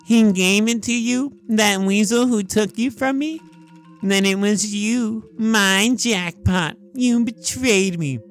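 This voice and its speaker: A man voicing a creepy, brooding young male superhero in a slow, drawn-out, mock-dramatic way. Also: high-pitched, faint music behind, pitched above the performer's own voice.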